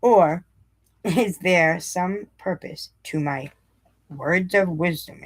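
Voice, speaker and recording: A woman reading a daily recovery meditation aloud, breaking off with blunt, sarcastic asides and slowing down to repeat lines for emphasis. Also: lowish voice.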